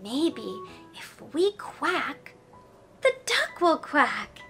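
A woman's voice: high-pitched, sing-song, very slow, gravelly, pushed and bright, faint music behind. A woman teaching toddlers, talking right to the child in a sing-song, exaggerated and encouraging way. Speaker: children's educator.

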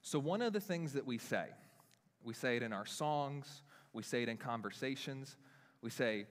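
In a church hall whose long reverb colors every word, a young man preaches at an ordinary pace while running a hands-on demonstration with volunteers. His delivery is lively and jokingly self-deprecating, his pitch swinging animatedly.

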